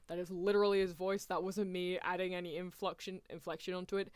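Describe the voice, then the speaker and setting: A woman's voice: on the low side, flat delivery, fast, clean tone, no echo. A young woman chatting casually and laughing often as she reacts to an anime on a stream, talking close to a desk mic.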